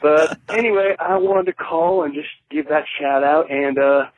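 A man's voice: fairly high pitch, little pitch movement, moderate pace, no echo. Guy calling in w a fake southern accent, rambly, jokey, sounds like a phone line. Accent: put-on Southern US. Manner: rambling, playful shout-outs. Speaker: caller. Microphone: phone call.

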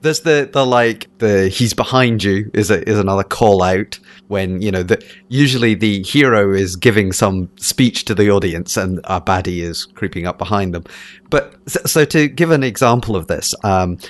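A man with a lowish voice and an accent that blends Scottish and English tells a long story in casual conversation. He hesitates often, circling back with fillers and restarts before landing his point. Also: expressive, normal speed, no echo. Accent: mixed Scottish and English. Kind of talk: casual chat.

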